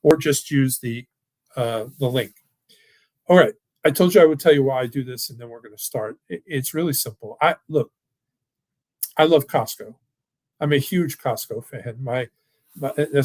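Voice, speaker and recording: There's no room sound on this slightly mellow, medium-pitched male voice. The speaker, who owns a financial firm, hosts a laid-back webinar with live Q&A as an online workshop from a home or office, and he rambles in a warm, folksy, enthusiastic manner.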